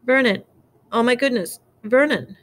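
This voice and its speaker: A woman's voice: medium pitch, steady tone, unhurried, pitched above the performer's own voice, natural voice. A woman as an anxious quivering aunt. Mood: alarmed. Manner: quivering, alarmed. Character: anxious fussy middle-aged aunt.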